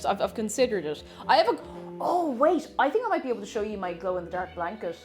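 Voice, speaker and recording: A woman's voice: medium pitch, big pitch swings, quick pace, a little mellow, faint music behind. A woman chatting casually and playfully while baking on a live stream, rambling and chuckling as she goes.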